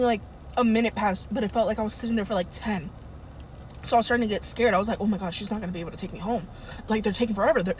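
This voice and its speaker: Profane, animated young woman telling a story. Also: on the high side, a little hiss or hum. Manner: profane, animated, swears a lot. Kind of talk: casual storytime.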